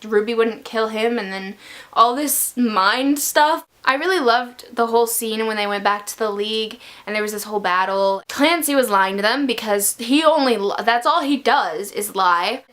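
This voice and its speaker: A woman giving a casual book review in her vlog, talking as a gushing, excitable fan. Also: a little high.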